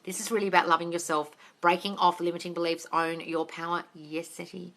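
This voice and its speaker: Woman coach on a phone live Q&A: low-ish, bright, forceful voice, blunt and sweary, says darling a lot. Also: flat delivery, a little fast. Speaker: manifesting coach. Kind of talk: live-stream Q&A.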